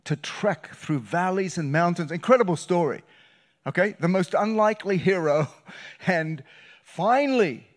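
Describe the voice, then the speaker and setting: A man preaching a sermon as a guest pastor, telling a story with loud bursts and hushed, quiet passages. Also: high voice, a little slow. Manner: animated, shifts between loud bursts and hushed retelling. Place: church sanctuary.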